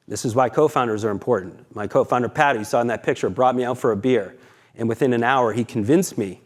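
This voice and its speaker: Candid, swearing founder from on stage. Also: male voice, mid-range voice, darkish tone. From Boston, USA. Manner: candid, profane, dramatic storytelling with acted quotes. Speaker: keynote speaker, company founder. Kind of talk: conference keynote storytelling. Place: conference stage.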